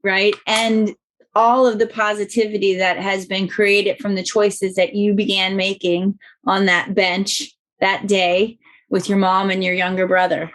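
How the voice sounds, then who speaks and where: A woman's voice: mid-range voice, level tone, unhurried, fairly bright tone, low-quality recording. A woman hosting a podcast interview, affirming her guest and asking long, winding questions. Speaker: podcast host. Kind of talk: conversational interview.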